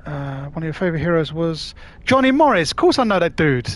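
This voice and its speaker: A man's voice: a little high, big pitch swings, brisk, dry recording. A man from London with a Cockney accent, chatting casually with viewers while live-streaming a game, matey and swearing freely. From London, England. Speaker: gaming livestreamer.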